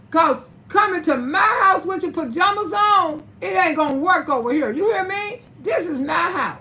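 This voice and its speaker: A woman's voice: extremely high pitch, sharp tone. An older woman hosting a live stream, giving blunt, scolding commentary and swearing freely. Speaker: livestream host.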